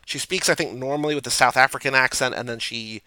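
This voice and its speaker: Man, podcast host, casual chat, bright tone, dry mic. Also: medium pitch, quick pace, no echo, low-quality recording. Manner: chatty, loose, lots of fillers.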